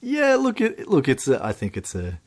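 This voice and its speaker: Lively man chatting on a podcast. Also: medium pitch, normal speed. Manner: animated, laughing, many restarts. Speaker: podcast co-host. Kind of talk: casual chat. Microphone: podcast microphone.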